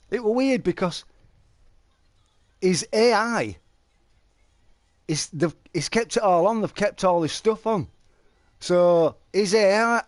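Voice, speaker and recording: A middle-aged man, chatting casually to viewers on a live stream and telling stories. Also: high-pitched. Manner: chatty, storytelling, calls listeners mate.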